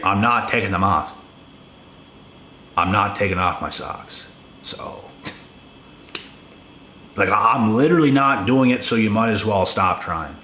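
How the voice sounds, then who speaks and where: In an echoey room with faint ambience and slight background noise, a young video creator speaks in a fairly low, bright, forceful voice. He delivers a casual, profane rant to the camera, hammering his points and repeating himself.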